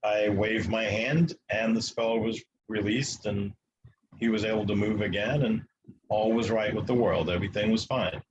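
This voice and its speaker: A man from the United States, a guest telling a long story in an interview, matter-of-fact and halting with fillers. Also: lowish voice, steady tone, lo-fi sound, noisy background.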